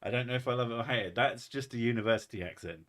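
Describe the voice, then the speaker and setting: A man with an English accent that blends posh and Essex, chatting on a stream. His voice is bright and forward. He jokes and swears freely. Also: medium pitch, very fast. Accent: English, mix of posh and Essex. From England. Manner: sweary and joking. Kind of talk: casual stream chat.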